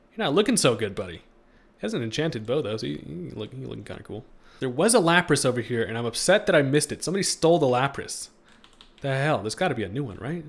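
A man's voice: medium pitch, fairly bright tone. A young man giving playful let's-play commentary on a game, joking with the creatures he tries to catch. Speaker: gaming streamer.

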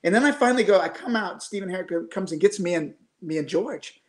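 A man in his fifties, a guest musician, telling animated anecdotes casually over a video call, with frequent restarts. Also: high-pitched, brisk. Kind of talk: casual storytelling. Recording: echoey room.

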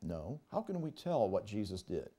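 A pastor teaching from the pulpit, his pitch rising and falling freely as he drives each point home. His voice is mellow and warm rather than bright, and he reads scripture aloud before unpacking it with emphatic explanation. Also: sing-song, moderate pace. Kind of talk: teaching sermon. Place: church service.

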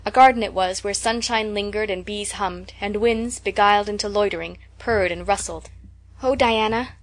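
Woman narrator, mid-pitched, measured and unhurried audiobook read. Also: steady tone. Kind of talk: audiobook reading of a classic novel.

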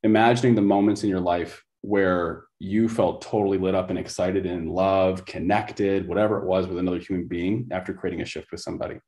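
A man's voice: sits low, fairly even intonation, fairly quick, few pauses, darkish tone. A man speaking as a coach in an interview, telling stories intensely and repeating phrases for emphasis. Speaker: podcast guest, coach. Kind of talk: conversational interview storytelling.

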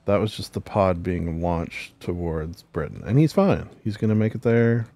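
A man's voice: deep voice, moderate pace, dark tone. A man giving casual, joking gameplay commentary, rambling and talking back to the game characters. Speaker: game streamer.

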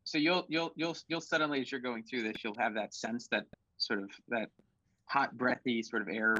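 A man's voice: medium pitch, moderate pace, pushed and bright, no room sound, muffled recording. A man playing a tabletop game who rambles and hedges as he describes his moves. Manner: rambling, hedging, with many fillers. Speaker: player. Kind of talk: casual tabletop game play.

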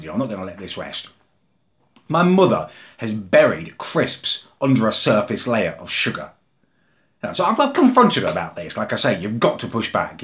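In this comedic vlog rant, an English vlogger, young and male, airs his grievances about his mum with exasperated indignation. His voice is fairly low in pitch and slightly bright.

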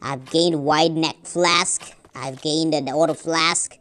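Casting: a low-pitched woman, slow, rambling gameplay commentary. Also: fairly even intonation, background noise. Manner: rambling, repeats itself and corrects its own slips. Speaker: gamer.

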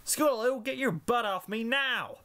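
High southern drawl cartoon pony filly, sassy and loud. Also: male voice, normal speed, full character voice. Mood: disgusted. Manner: high, yelping and threatening. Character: young southern farm filly pony, feisty. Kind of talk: fanfiction reading.

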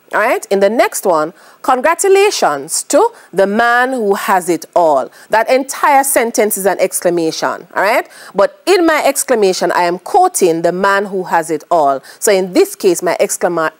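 A woman teaching a recorded English writing lesson, her voice rising and falling in a lively way as she moves through punctuation rules. She reads example sentences out slowly and keeps asking "right?" to check that the learners are following. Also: lowish voice. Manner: explains step by step, often checking with "right?".

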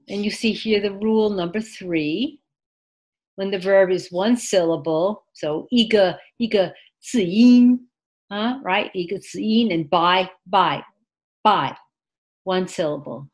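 A woman teaching an online English class, speaking patiently, repeating words and adding short Mandarin glosses. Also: medium pitch. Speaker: ESL teacher. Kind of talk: online class lesson with screen sharing.

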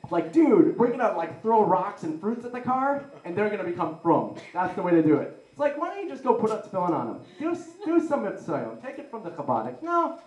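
Male stand-up comic, rambling excitable delivery, bright high voice, roomy live recording. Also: a little fast, hardly any pauses, highs cut off. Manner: rambling, excitable, heavy use of "like". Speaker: stand-up comedian. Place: live comedy venue with an audience. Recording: roomy echoey live room.

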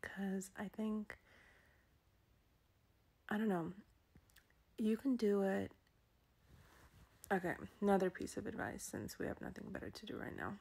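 A woman in her thirties vlogging from a doctor's procedure room, talking softly and often in a whisper, halting with fillers, in pain and a little out of breath. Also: mid-range voice, sing-song, husky. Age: 30s. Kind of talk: personal vlog.

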